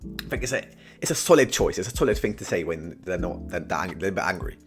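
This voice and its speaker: A young British man ranking phrases in casual comedy commentary, full of slang and "bro", veering from low mumbles to sudden shouted verdicts. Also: quick pace, faint music behind. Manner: slangy and animated, keeps saying "bro", swings from mumbling to shouting. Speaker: tier list host.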